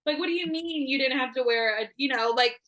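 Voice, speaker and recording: A woman's voice: high-pitched, a little fast, sharp tone. A woman hosting a podcast, chatting casually and rambling a bit with lots of fillers. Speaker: podcast host. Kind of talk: casual chat.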